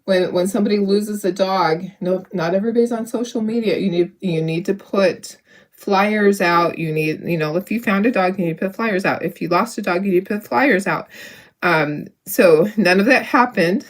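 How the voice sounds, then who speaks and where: A woman's voice: medium pitch, normal speed. A middle-aged woman hosting a craft livestream, chatting emotionally with many restarts while she works on her sample. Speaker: craft channel host.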